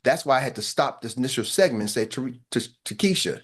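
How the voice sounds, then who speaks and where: A man's voice: medium pitch, lively intonation, quick pace, breathy edge. A man giving a motivational talk as a business coach, blunt and colloquial, repeating phrases for emphasis.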